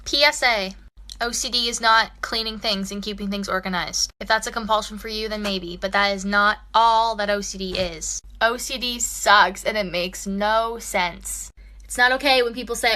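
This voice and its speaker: A woman with a bright, sharp, fairly high voice delivers a rant to camera. She sounds exasperated and lands every point firmly. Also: steady tone, fairly quick. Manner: exasperated and forceful. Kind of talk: ranting talking-to-camera PSA.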